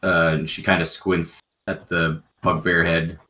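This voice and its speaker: A man's voice: sits low, flat delivery, measured pace, pushed and bright. A man narrating as game master, rambling with frequent ums and uhs.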